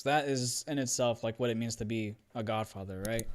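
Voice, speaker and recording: A man hosting a casual film commentary show, enthusiastic and playful, slightly hoarse. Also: medium pitch, brisk. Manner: enthusiastic, playful, with frequent fillers. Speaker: host. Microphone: studio microphone.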